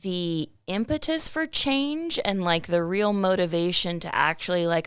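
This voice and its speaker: A woman's voice: on the low side, unhurried, few pauses, clean tone, dry recording. A woman in her thirties, a guest on a casual podcast, who talks things through and corrects word use.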